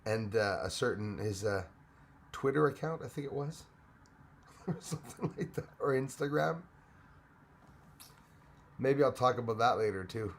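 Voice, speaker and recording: A man's voice: mid-range voice, expressive, moderate pace, long pauses. A man hosting a live stream, chatting casually and greeting viewers by name, rambling with frequent restarts. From Canada.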